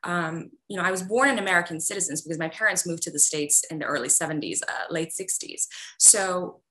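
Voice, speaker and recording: A woman's voice: on the low side, fairly quick, bright, forceful tone, poor audio. A woman who grew up in Iran, an author answering interview questions earnestly, with many fillers and restarts. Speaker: author guest.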